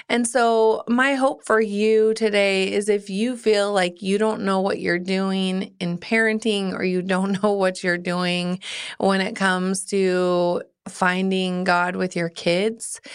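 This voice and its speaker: Woman in her forties, podcast host, earnest, encouraging, slightly gravelly voice. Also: medium pitch. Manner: earnest and encouraging, with fillers and restarts. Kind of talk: casual heartfelt podcast talk.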